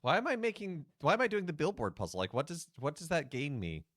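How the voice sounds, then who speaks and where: A man's voice: fairly high pitch, huge pitch swings, fast talker, a bit bright, no room sound, clean studio sound. A man, a priest, giving casual, rambling commentary while streaming a video game, with many fillers.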